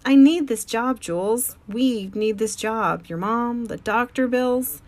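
A woman's voice: fairly high pitch, slow, a little mellow. Woman voicing a tired, kindly father. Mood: gentle. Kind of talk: audiobook character voice.

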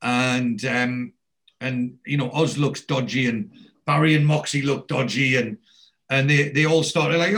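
A man's voice: medium pitch, fairly even intonation, measured pace, a bit bright. A man casually retelling a TV episode as a podcast host, rambling with many restarts and fillers.

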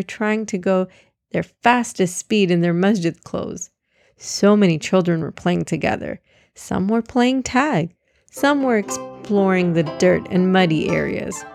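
A woman reading a children's story aloud in a gentle, clear way. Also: mid-range voice, dry recording, clean studio sound.

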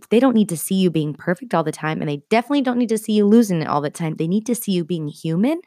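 Earnest woman with a low, dry voice. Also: mellow, no room sound. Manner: earnest, heartfelt, casual asides. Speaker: podcast host. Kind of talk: encouraging faith-based talk.

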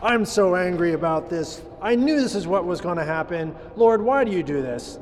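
A man's voice: high voice, animated, moderate pace, slight background noise. A man voicing a petulant, self-pitying prophet who whines like a toddler, in an echoey church. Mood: petulant angry. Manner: whiny, self-pitying complaining.

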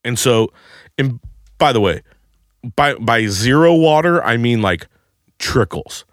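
A man co-hosting a podcast tells a crude comedic story with plenty of swearing. He jumps into loud, high bursts whenever he quotes someone. His medium-pitched voice is recorded dry, with no room sound. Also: slow, dry recording. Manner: crude, animated, shouts quoted lines.

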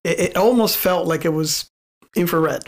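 High-voiced excited male co-host. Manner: halting, excited. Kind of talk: casual interview chat.

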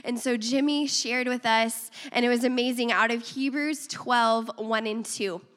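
A woman preaching a sermon to her church, her voice raspy and hoarse from a cold, chatty and enthusiastic as she speaks straight to the congregation. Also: on the high side, unhurried, fairly bright tone. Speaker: guest preacher, pastor's wife. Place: church sanctuary.

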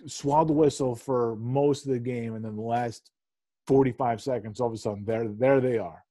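A man in his thirties co-hosting a casual sports chat, rambling and animated, swearing freely and laughing often. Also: mid-range voice, moderate pace. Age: 30s. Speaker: podcast co-host.

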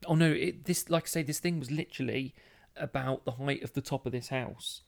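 A young man with a Black Country accent, chatting loosely as a podcast co-host. His voice has a gravelly, creaky edge, and he rambles through stories and laughs a lot. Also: medium pitch, brisk. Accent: Black Country English. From Dudley area, West Midlands England. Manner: rambling storyteller, laughs often. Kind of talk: casual podcast chat.

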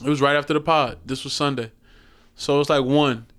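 A man's voice: medium pitch, brisk. A man in his thirties telling a story in casual podcast chat, acting out the voices and laughing often. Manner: animated storytelling, acts out voices and laughs a lot. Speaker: podcast co-host.

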